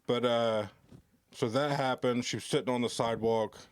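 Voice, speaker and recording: A man's voice: mid-range voice, fairly even intonation, moderate pace, smooth, dry recording. A man who works security at a comedy club, telling rambling, profane anecdotes as a podcast guest. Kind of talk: casual storytelling on a podcast.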